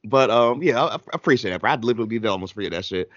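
A man in an easygoing, slang-filled wrestling recap, laughing as he goes. His voice sits at an ordinary pitch. The recording is dull and lo-fi, with a dry close sound. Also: animated, rapid-fire, dry recording. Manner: laid-back, slangy, laughs often. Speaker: podcast host. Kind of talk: casual wrestling recap chat.

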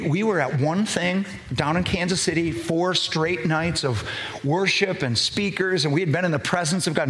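A middle-aged male pastor preaches, his voice high and somewhat bright. He tells a personal story, often restarting his sentences as the intensity builds.

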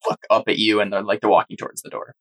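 A man's voice: fairly low pitch, fairly even intonation, very fast, a bit bright, rough recording. A man running a tabletop game as game master, narrating casually with frequent restarts.

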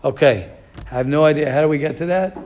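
A rabbi teaching an informal Torah class, animated and questioning his students, mixing in Hebrew terms. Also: on the high side, fast.

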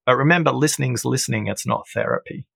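A man's voice: medium pitch, fast, vocal fry, fairly bright tone, husky, dry recording, studio quality. Middle-aged man explaining listening. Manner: storytelling, explanatory, acts out quoted voices. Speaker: guest, listening expert. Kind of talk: conversational interview.

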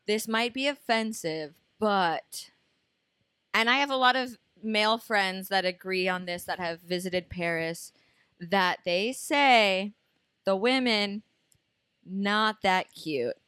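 A woman's voice: mid-range voice, takes it slowly, fairly bright tone, clean tone, dry recording. A young woman co-hosting a podcast, telling candid stories bluntly. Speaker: podcast co-host. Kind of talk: casual chat.

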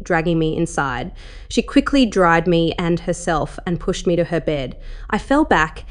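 A woman with a slightly low voice reads a first-person erotic story aloud. Her delivery is steady and measured, like a host narrating a scripted tale.

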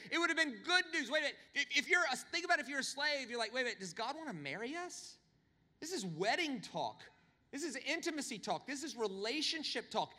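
A man preaching a sermon, telling humorous stories with animated, swinging delivery. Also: in a large hall. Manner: animated, humorous storytelling with big pitch swings. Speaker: pastor.

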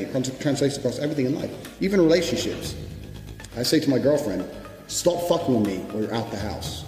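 A man's voice: medium pitch, darkish tone. Blunt, profane man preaching in reverb. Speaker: motivational speaker. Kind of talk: motivational speech. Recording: echoey hall reverb with background music.

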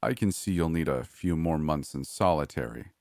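A man voicing a cruel, smug man who holds a captive, speaking calmly and condescendingly in a scripted horror story. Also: rumbling low, moderate pace, gravelly, no echo, studio quality, exaggerated voice. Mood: menacing. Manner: calm, cold, condescending.

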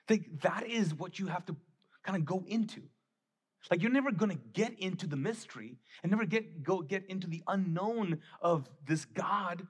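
A man's voice: high voice, breathy edge. A male pastor from the Middle East, preaching a sermon in a conversational, emphatic way.

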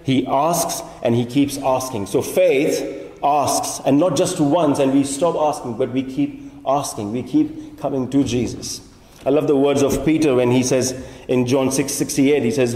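A man preaching a sermon as pastor, animated, often voicing imagined speakers in his asides. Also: mid-range voice, normal speed, echoey room, in a large hall.

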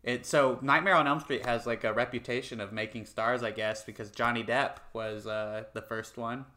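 A man's voice: medium pitch, steady tone, normal speed, sharp tone. A young man co-hosting a podcast, chatting casually in a rambling way, with many fillers and casual swearing. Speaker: podcast co-host. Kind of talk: casual chat.

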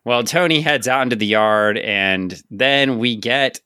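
A man's voice: mid-range voice, measured pace, pushed and bright, clean tone, dry recording, studio quality. A man co-hosting a casual comic book podcast, recapping the plot with playful asides. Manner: recaps plot, jokes in a put-on drawl. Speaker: podcast co-host.

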